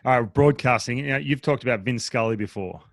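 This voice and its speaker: A man with an Australian accent hosting a casual interview, asking energetic, rambling questions full of restarts. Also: mid-range voice, fast talker, no room sound. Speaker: podcast host.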